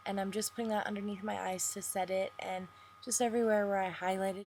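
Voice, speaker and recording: A young woman talking through a makeup tutorial step by step, speaking deliberately slowly in a chatty way. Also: mid-range voice, little pitch movement, a little mellow, slight background noise. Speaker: beauty vlogger.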